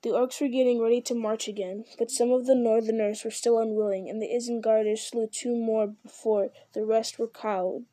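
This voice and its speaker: A woman narrating a fantasy story aloud in a steady, measured reading style. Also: on the high side, no room sound. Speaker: audiobook reader.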